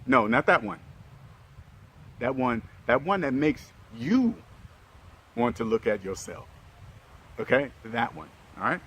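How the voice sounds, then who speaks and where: A man's voice: mid-range voice, very animated, unhurried, pauses often, a bit bright, slightly rough. A man talking casually and earnestly to his viewers, repeating himself often and checking in with "okay?" after his points. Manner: repetitive, keeps checking in with "okay?"; earnest and straightforward. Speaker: relationship vlogger.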